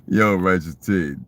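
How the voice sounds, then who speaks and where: Older man, lowish voice; rambling, profane monologue storyteller. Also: a bit bright, a little hiss or hum. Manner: profane, conversational, asks rhetorical questions. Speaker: vlogger.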